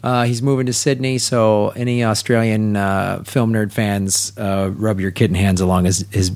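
A man's voice: lowish voice, steady tone, moderate pace, darkish tone. A man co-hosting a podcast, chatting casually with jokey, rambling asides. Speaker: podcast co-host.

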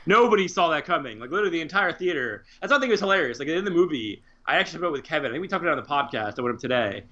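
A man's voice: on the high side, big pitch swings, racing, sharp tone. A man in casual podcast chat, joking and profane, acting out quotes. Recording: dull lo-fi sound.

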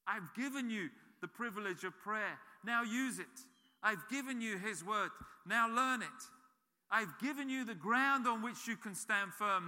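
A man's voice: sits high, expressive, normal speed, bright, forceful tone. A man preaching a sermon as a pastor, emphatic and repeating key phrases. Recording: reverberant hall.

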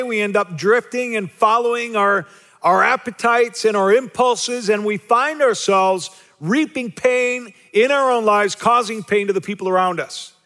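High-voiced male pastor preaching in a reverberant hall. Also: fairly bright tone. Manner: rhetorical questions to the congregation, repetitive emphasis; self-deprecating humor. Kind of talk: sermon.

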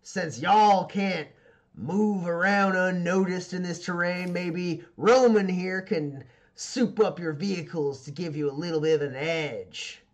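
A man's voice: deep voice, takes it slowly, voice pushed down. A man voicing a tough, commanding female gang boss who barks orders at her crew. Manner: barking orders, loud and threatening.

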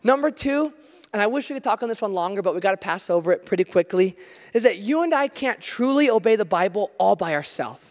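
American guy preaching in a big echoey church hall, high voice, jokes at his own expense. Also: fast talker. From United States. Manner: storytelling, animated, self-deprecating humor. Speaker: pastor. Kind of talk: sermon. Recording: long hall reverb.

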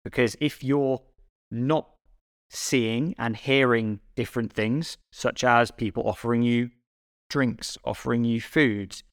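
A male fitness coach talks through ideas on a casual podcast, steady and explanatory. His voice is mid-pitched and ordinary. The sound is dry and close-miked. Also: slow, no room sound. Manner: explanatory, steady, asks rhetorical questions.

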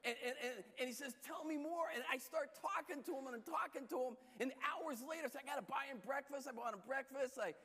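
A man preaching a sermon and telling stories, with lively shifts between soft and loud delivery. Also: quick pace, hardly any pauses, breathy edge, in a large hall. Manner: storytelling, lively shifts in pitch and loudness. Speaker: pastor.

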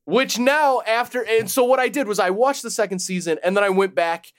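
A man's voice: sits high, brisk. A man co-hosting a podcast, rambling casually with lots of fillers and restarts. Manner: rambling, hesitant with many fillers, laughs often. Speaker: podcast co-host. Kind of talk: casual chat.

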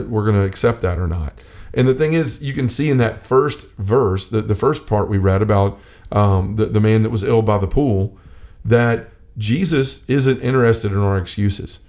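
A man's voice: lowish voice, a little mellow. A man leading a casual faith discussion, earnest and personal, who often restarts his sentences and acts out the lines he quotes.

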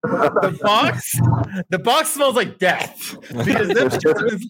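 A man's voice: high voice, very animated, takes it slowly, fairly bright tone. A man co-hosting a casual chat show, joking in a mock salesman patter. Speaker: co-host.

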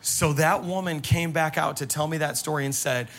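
A man preaching as a pastor, telling stories to his congregation in an animated, exclamatory way. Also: a little high, moderate pace. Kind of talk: sermon with storytelling. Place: church service.

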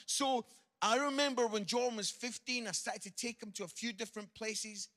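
Scottish male preacher, middle-aged, comic storyteller, bright forceful tone. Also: very high voice, moderate pace. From Scotland. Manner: jokey, animated, lively anecdotes. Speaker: visiting preacher and comedian. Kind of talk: humorous sermon storytelling.

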